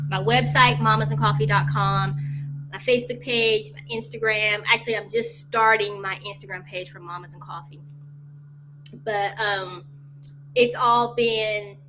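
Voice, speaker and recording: A woman's voice: a little high, pushed and bright, a little hiss or hum. A woman hosting a casual live coffee chat, rambling from topic to topic, laughing often and answering viewers directly. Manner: rambling, chatty, jumps between topics and answers viewer comments; laughs often, talks straight to viewers as y'all.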